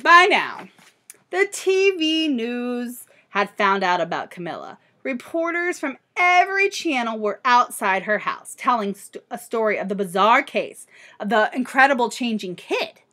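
A woman teacher reading a picture book aloud to children, expressive and animated. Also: a little high, unhurried.

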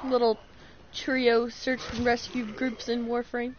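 A woman with a high voice chats casually and tells stories in an animated way, swearing freely and breaking into laughter. The recording is a little muffled, with a faint hiss underneath. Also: unhurried. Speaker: co-host. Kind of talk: casual chat.

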